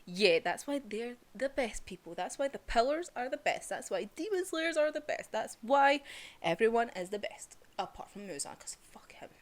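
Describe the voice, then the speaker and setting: Excitable young woman reviewing manga. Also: fairly high pitch, moderate pace. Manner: excitable, swearing, laughs often. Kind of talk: casual chat.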